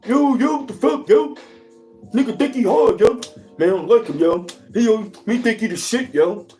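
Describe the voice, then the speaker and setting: A man's voice: high voice, animated, moderate pace, dark tone, soft background music, pitched above the performer's own voice. A man voicing a jealous, hotheaded young man who curses and mocks in an agitated way. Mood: angry mocking. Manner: agitated, cursing, mocking.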